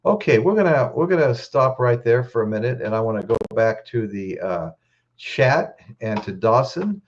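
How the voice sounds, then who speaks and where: A man's voice: medium pitch, big pitch swings, normal speed, muffled recording. A man hosting a casual live stream, choked up, greeting viewers in the chat by name and often restarting his sentences.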